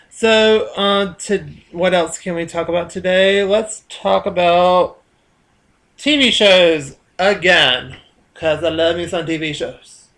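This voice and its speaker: A man's voice: on the high side, unhurried, bright, forceful tone. A man with a Southern US accent, rambling casually in a vlog monologue, chatty and full of fillers and restarts. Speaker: vlogger.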